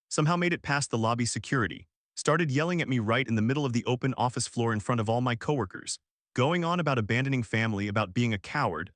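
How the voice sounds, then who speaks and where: A man reading a first-person family drama story aloud in a calm, even narrating voice. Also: mid-range voice, no room sound, clean studio sound.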